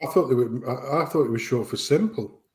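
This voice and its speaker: A man co-hosting a casual stream chat, ranting and swearing in an animated way. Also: medium pitch, fairly quick. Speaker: stream co-host.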